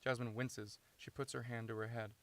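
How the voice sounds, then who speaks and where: A man reading his own screenplay aloud, steady and matter-of-fact, inside a parked car. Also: mid-range voice, normal speed. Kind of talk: script read-through narration.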